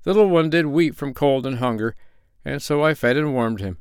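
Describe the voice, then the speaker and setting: A man's voice: medium pitch, brisk, clear, resonant tone, dry recording, studio quality, voice pushed up, natural voice. A man reading the part of a humble, brave peasant father mourning his lost child. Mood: earnest.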